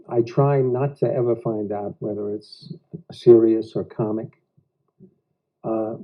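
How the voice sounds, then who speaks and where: An American actor being interviewed at home, speaking reflectively in halting phrases with odd pauses. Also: male voice, mid-range voice. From United States. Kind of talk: casual interview talk. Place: living room of a private house. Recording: dull lo-fi 1990s home video.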